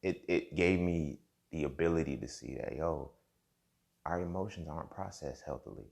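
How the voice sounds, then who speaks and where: A man's voice: a bass voice, moderate pace, vocal fry, darkish tone. A young man hosting a podcast, talking in a reflective casual monologue and often checking in with "you feel me". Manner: conversational, repeats himself, frequent "you feel me". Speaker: podcast host.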